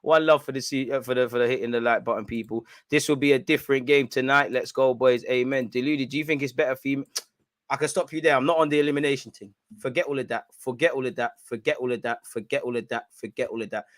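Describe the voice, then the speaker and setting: A young man giving excitable, slang-filled banter on a live football watch-along stream. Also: medium pitch, quick pace, no echo.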